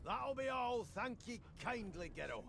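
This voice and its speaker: An actor playing a gruff, excitable male dwarf sailor in a video game, talking in a rough, folksy, conspiratorial way. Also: very high voice, a little slow, heavily acted.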